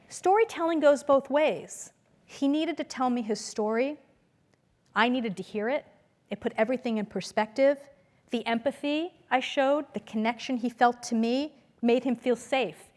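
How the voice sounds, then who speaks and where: Woman lecturer, fairly high voice, lively storyteller, talk to a live audience. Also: normal speed. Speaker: business school lecturer. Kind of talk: conference talk. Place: lecture hall.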